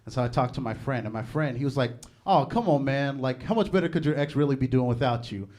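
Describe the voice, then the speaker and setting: A man's voice: mid-range voice, fast talker, darkish tone. A young man performing stand-up comedy, chatty and laughing at his own jokes. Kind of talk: stand-up set.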